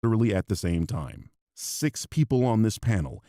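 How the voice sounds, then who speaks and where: A man with a very deep, dark voice reads a scripted commentary, sarcastic and mocking. The sound is dry and close, with no room echo. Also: big pitch swings, moderate pace. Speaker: video commentator.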